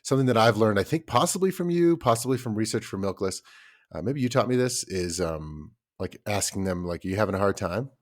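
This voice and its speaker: With a lowish voice and a fairly quick delivery, this thirty-something podcast co-host spins lively stories in casual conversation, imitating his kids as he goes.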